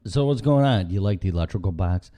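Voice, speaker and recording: A middle-aged man with a low, dark voice, hosting a loose live-stream chat. He rambles from one thing to the next with a sarcastic, profane edge. His tone stays mellow. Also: expressive, fast talker. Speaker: podcast host.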